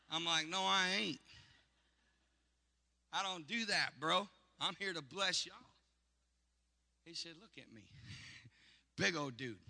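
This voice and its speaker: Gravelly preacher in a big hall. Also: male voice, high voice. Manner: call-and-response preaching, swells to shouting. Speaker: pastor. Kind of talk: preaching sermon with stories.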